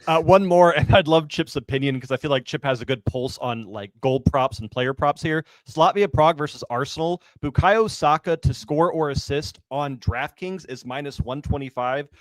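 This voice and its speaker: A man giving soccer betting picks in a relaxed, hedging way, chatting casually with his panel. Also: a little high, moderate pace, hardly any pauses, no room sound. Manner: relaxed, hedging, laughs easily. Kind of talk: casual sports betting chat.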